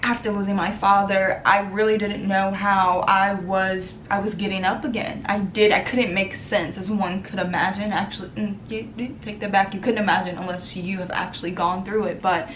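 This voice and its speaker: Earnest young woman vlogger, roomy sound. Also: mid-range voice. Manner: earnest, many ums, emotional and tearful at times. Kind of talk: casual heartfelt talk to camera. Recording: roomy echo with faint background noise.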